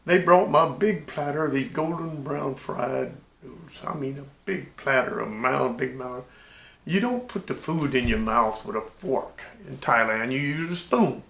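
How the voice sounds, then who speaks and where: An older man and navy veteran telling a sea story in a folksy, animated way. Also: mid-range voice, a little slow, gravelly, reverberant. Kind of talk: casual spoken anecdote.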